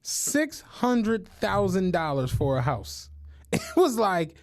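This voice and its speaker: A man co-hosting a podcast, telling stories in casual chat, animated and full of swearing and laughter. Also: sits high, slow pace. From United States. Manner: animated storytelling, swears a lot, laughs often. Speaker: podcast co-host.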